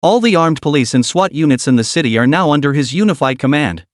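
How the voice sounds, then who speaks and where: A man's voice: fairly high pitch, animated, fast, no echo, clean studio sound, lightly acted. A man voicing a cold, commanding male company executive in a comic recap story. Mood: angry.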